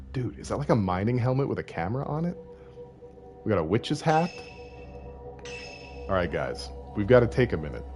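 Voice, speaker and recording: A man's voice: lowish voice, sing-song, a little fast, long pauses, darkish tone, faint music behind. A Canadian man in his late thirties with a Canadian accent, casually joking with viewers while streaming a video game. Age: late 30s. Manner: joking, self-deprecating, chatting with viewers.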